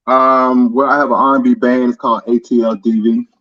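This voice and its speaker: A man joining a live stream as a guest musician, talking in a relaxed, hesitant way. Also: mid-range voice, brisk, no echo, dull audio. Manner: relaxed, hesitant, with many fillers. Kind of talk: casual live-stream chat.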